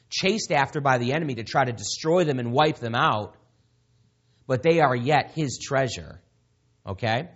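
A man's voice: on the high side, a bit bright, slightly rough. Emphatic conversational male preacher. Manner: conversational, emphatic, asks the audience questions. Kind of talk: sermon. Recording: dull lo-fi recording.

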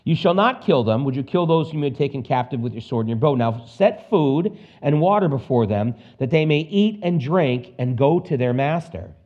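A man preaching an expository Bible sermon, animated, acting out scenes with quick put-on voices and casual asides. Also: mid-range voice. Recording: dull lo-fi recording.

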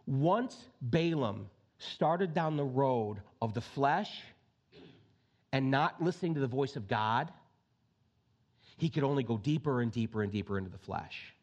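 A male pastor preaching a conversational sermon, reading scripture and breaking into lively asides. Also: mid-range voice, unhurried, muffled recording.

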